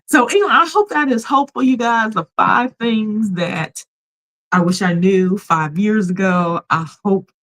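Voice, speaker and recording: An American woman hosts a casual livestream in a polished radio voice, chatty and emphatic, often laughing and reading chat messages aloud. Her voice sits at medium pitch with a fairly bright tone and a measured pace. The recording is rough.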